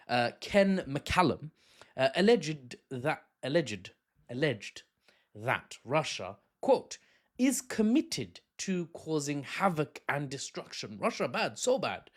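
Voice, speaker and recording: A man from the United Kingdom giving casual, sarcastic news commentary, rambling with fillers and restarts. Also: mid-range voice.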